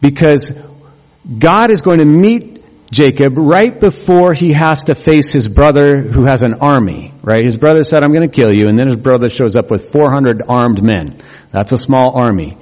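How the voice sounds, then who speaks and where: Male pastor, conversational sermon with jokes, mid pitch, long hall reverb. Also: a little mellow. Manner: conversational and humorous, with quick asides.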